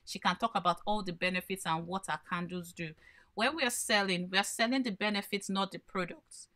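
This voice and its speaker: Woman, branding coach, live workshop, bright clear voice, asks questions then answers them. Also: mid-range voice, fairly quick.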